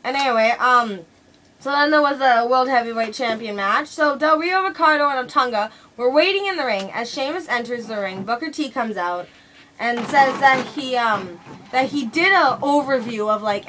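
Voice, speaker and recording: Chatty young woman with a bright voice. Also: on the high side, animated, moderate pace, a little hiss or hum, rough recording. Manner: chatty and rambling, many fillers like "like" and "um". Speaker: wrestling fan reviewing an event. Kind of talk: casual vlog review.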